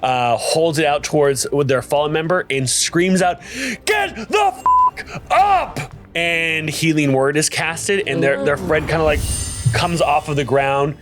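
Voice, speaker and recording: Man, game master, narrating tabletop combat, laughs a lot, halting fillers, faint music behind. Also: fairly high pitch, fairly even intonation.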